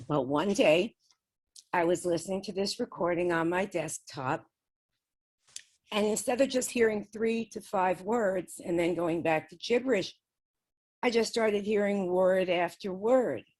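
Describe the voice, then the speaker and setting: A woman guest recounting her experiences in an easygoing, conversational manner. Her voice sits at an ordinary middle pitch, and she chats along with light laughs dropped between her sentences. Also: measured pace, a little mellow. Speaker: guest describing spirit communication experiments. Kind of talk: casual storytelling.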